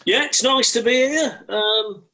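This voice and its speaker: A man's voice: extremely high pitch, a little slow, sharp tone, low-quality recording. A man with a Lancashire accent chatting playfully and cracking jokes over a video call. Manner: jokey, playful. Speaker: guest panelist. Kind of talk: casual chat.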